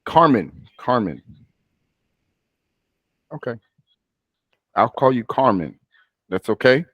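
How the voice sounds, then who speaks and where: In a one-on-one practice session, a US speaking tutor coaches a student in spoken English with patience, frequently breaking off mid-sentence. He has a mid-range voice with lively intonation and takes it slowly. The audio has no room sound, though the highs are cut off.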